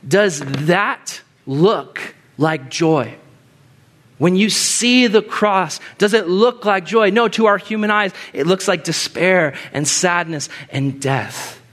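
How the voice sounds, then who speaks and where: A man delivers a sermon to a roomful of listeners, climbing to loud, emphatic peaks and then sinking into soft, low passages.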